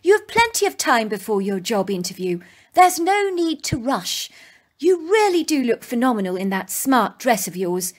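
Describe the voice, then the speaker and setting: A woman's voice: a little high, big pitch swings, moderate pace. A woman voicing a soothing, doting mother. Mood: reassuring. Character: gentle reassuring mother, middle-aged woman.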